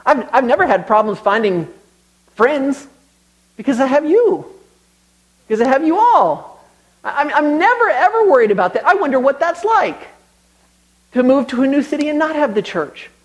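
Young male preacher, high voice, chatty storyteller who turns emphatic. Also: sing-song, normal speed, long pauses, poor audio. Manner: conversational storytelling, rising to emphatic exhortation. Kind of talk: sermon.

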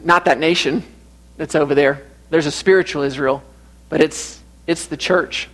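A man's voice: a little high, steady tone, normal speed, fairly bright tone. A man preaching a sermon in an earnest way, often repeating phrases for emphasis.

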